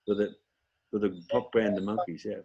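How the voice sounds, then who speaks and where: A relaxed comedian and impressionist chatting as a guest, his male voice on the lower side. He thinks aloud as he goes, reaching for names with plenty of fillers. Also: a little fast, husky, dull audio. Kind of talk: casual interview chat.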